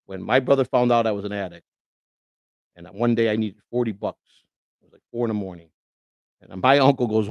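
A middle-aged man, ranting on his livestream, stumbling over restarts and swinging between loud outbursts and quiet asides. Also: lowish voice, fast talker, pauses often, no room sound, lo-fi sound. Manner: indignant, repetitive restarts, swings loud and soft. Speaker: livestream host.

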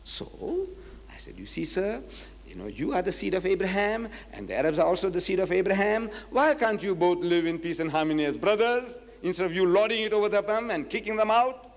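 A man from South Africa giving a public lecture as a Muslim preacher, telling stories with acted-out dialogue and slowing down to quote scripture. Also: sits high, in a large hall. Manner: animated storytelling, acts out dialogues, slows to quote scripture.

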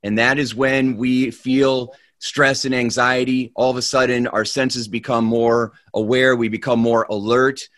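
A man giving a motivational talk, telling a joke with lively energy before moving into a calm explanation. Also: unhurried, hardly any pauses, no echo. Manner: animated storyteller, grows loud and high in the punchline. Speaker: motivational speaker.

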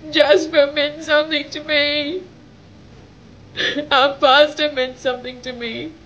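A young woman speaks straight to the camera in a high, slow voice, pleading and tearful. Her voice breaks as she cries at times. The recording is dull and lo-fi, with a faint rumble underneath. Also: level tone, fairly bright tone. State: crying at times. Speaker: vlogger. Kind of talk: emotional direct-to-camera message.

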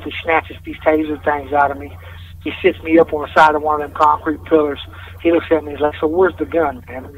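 Swearing man telling a tale over a phone line. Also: a little high. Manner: rambling, heavy swearing, street slang. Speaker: guest storyteller calling in from jail. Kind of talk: casual spoken storytelling. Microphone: phone call. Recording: distant, noisy phone line from jail.

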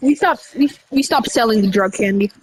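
A woman doing casual game role-play over voice chat, rambling with restarts and breaking into sudden high shouts. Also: normal speed, slight background noise, low-quality recording. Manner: rambling, with many restarts and y'all. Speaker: roleplayer running a candy store character.

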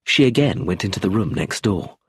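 A man's voice: sits low, animated, brisk, husky, dry recording, clean studio sound. A man narrating a mystery novel aloud, changing his voice for each character. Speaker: audiobook narrator. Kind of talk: storybook reading.

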